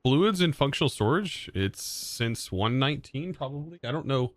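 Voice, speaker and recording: A man's voice: mid-range voice, expressive, moderate pace, no echo. A young man streaming a game live, thinking aloud in a hesitant way and often correcting himself mid-sentence. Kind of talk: live gameplay commentary.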